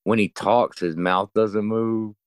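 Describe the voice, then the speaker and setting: Deep-voiced man telling a story. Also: slow, smooth, dry recording. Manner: rambling, profane, animated storyteller. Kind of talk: casual movie recap chat.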